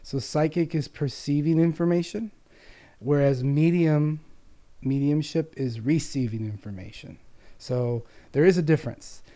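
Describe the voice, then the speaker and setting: Earnest man with a mellow voice. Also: on the high side, a little slow. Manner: earnest, lively storyteller who acts out the voices in his stories. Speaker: psychic medium, interview guest. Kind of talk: personal storytelling in an interview.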